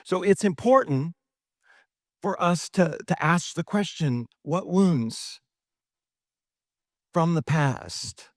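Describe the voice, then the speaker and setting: A man's voice: a little high, no room sound, clean studio sound. A middle-aged male pastor preaching a sermon, asking rhetorical questions and often adding "right?".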